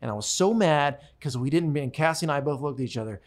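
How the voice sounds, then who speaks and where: A man's voice: fairly high pitch, fast talker. A man hosting a show, chatting casually and telling rambling, joking stories into a studio microphone. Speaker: show host and touring musician. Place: radio studio.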